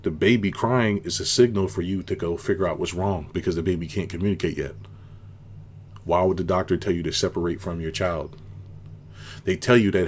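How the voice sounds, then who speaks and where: A man with a fairly low voice hosts his own channel in loose, unscripted commentary. He circles his points with rhetorical questions and a steady "right?", often repeating a line several times to drive it home. A faint hiss sits under the voice. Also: a little fast. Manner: rambling, with many rhetorical questions and tag "right?"; repeats himself for emphasis. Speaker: business consultant and video host. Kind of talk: casual spoken commentary to camera.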